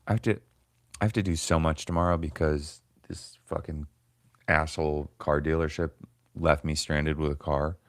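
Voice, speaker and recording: A man's voice: a bass voice, fairly even intonation, moderate pace, dry recording, studio quality. A man in his forties hosting a casual livestream, rambling and swearing as he grumbles to his chat. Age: 40s. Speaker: comedian livestream host.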